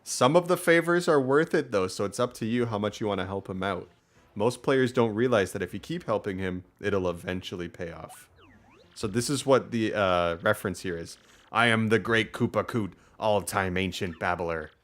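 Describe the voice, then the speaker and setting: A man's voice: fairly low pitch, normal speed. A young man casually commenting while playing a game, chatty and laughing at his own lines. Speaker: lets-play commentator.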